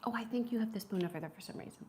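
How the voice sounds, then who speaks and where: A woman's voice: a little high, very fast, dark tone. Host: woman, chatty, enthusiastic food-review streamer, faint background noise. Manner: chatty, enthusiastic, reads viewer comments aloud.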